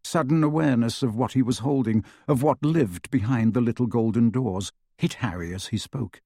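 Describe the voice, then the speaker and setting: A man reads an audiobook in a steady, measured way at a middle pitch. His voice has a slightly husky edge. The recording is dry and close. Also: no echo. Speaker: audiobook narrator. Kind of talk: scripted narration.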